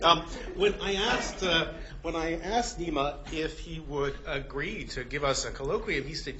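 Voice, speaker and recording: A man's voice: fairly high pitch, normal speed, few pauses, sharp tone. A man hosting a colloquium in a lecture hall, introducing the guest speaker in a light, joking way. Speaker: colloquium host. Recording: dull lo-fi recording with faint room hum.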